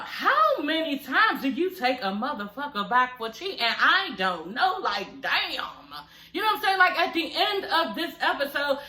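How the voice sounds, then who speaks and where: Blunt, laughing woman in an echoey room. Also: high-pitched. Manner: blunt, profane, animated and laughing, with repeated "you know what I'm saying". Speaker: reality TV recap host. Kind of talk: casual reaction commentary.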